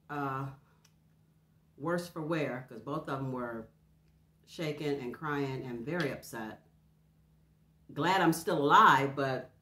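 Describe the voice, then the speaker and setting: A middle-aged woman with a drawl tells a story in a relaxed, confiding way, humming between mouthfuls. Her voice sits low, and she sounds slightly stuffy from a runny nose. The room around her is noticeably echoey. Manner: chatty, confiding, talks between bites with hums. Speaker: mukbang host. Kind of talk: casual storytelling while eating. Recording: roomy echo.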